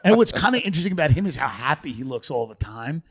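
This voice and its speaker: A man chatting casually on a comedy podcast, telling animated stories and mimicking people in a raised voice. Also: fairly high pitch, fast, a crowd in the background.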